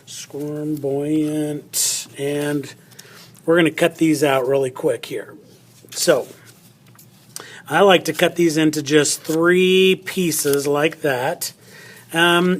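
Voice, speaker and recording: Middle-aged guy teacher doing a phonics lesson, slightly high voice, chatty, thinks out loud. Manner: chatty, thinks aloud while cutting and writing.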